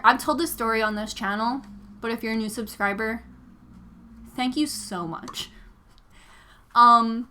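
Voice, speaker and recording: Bright-voiced chatty young woman. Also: a little high. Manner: chatty, rambling, frequent "like" fillers. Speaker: livestreaming vlogger. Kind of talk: casual livestream chat while crafting.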